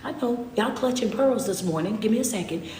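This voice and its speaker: High-voiced woman preaching with call-and-response. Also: fairly quick, dark tone, echoey room, slight background noise. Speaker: motivational speaker. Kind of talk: preaching sermon.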